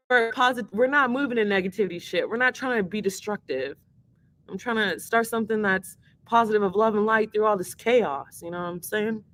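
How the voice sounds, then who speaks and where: Her voice is on the high side with a fairly bright tone as she takes song requests on her livestream. She's teary and emotional, chatting casually in a rambling, earnest manner and swearing freely.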